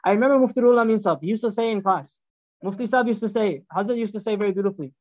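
Fast, high-voiced man preaching. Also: no echo, highs cut off. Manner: animated, acts out dialogues. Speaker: religious teacher. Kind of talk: storytelling sermon.

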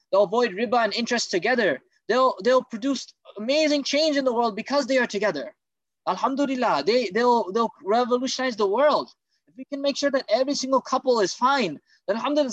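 A man's voice: sits high, a bit bright, no echo, poor audio. A man preaching a sermon on marriage, earnest and driven by urgent rhetorical questions.

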